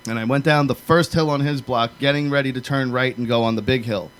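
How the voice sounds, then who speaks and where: A man's voice: medium pitch, a little fast, fairly bright tone. A man from Long Island co-hosting a casual chat show, telling stories in a loose, rambling way. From Long Island, New York. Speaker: co-host.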